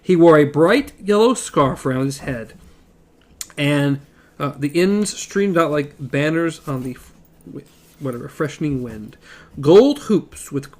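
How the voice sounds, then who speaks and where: A man's voice: a little high, measured pace. A man co-hosting a casual book discussion podcast, reading passages and paraphrasing the characters with jokes. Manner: animated, paraphrases characters in jokey voices. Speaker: podcast co-host.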